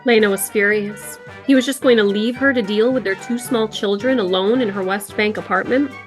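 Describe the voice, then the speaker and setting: A woman co-hosting a podcast, reading scripted true-crime narration in a measured way. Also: medium pitch, faint music behind. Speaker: podcast co-host.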